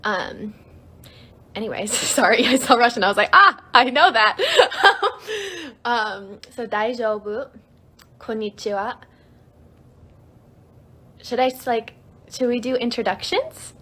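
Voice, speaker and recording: She's a young woman on a laid-back livestream, giggly and talkative, using lots of fillers as she reads comments and teaches easy phrases. Her voice sits a little high and is slightly bright and husky, with a steady tone, a measured pace and long pauses.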